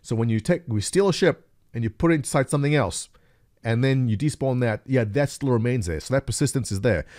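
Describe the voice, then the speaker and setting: A man delivers casual gaming news commentary into a close mic, in a mid-pitched voice that suits his sarcastic aside. The recording is dry, with no room sound around him. His manner stays wry and relaxed. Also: fairly quick, dry recording. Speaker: gaming news video host.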